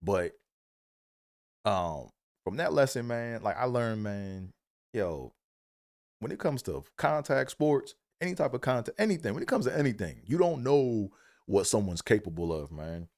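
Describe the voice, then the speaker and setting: A man's voice: lowish voice, very animated, a little slow, a little mellow, dry recording, clean studio sound. A man casually telling a comic story from his football days, slangy and profane. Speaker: comedic storyteller. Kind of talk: comedic storytelling monologue.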